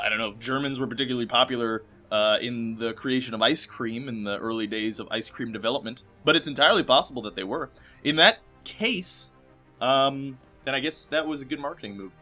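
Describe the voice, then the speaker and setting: Bright-voiced young man rambling over game credits. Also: mid-range voice. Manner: rambling, jokey, swings between loud bursts and mumbling. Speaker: let's play host.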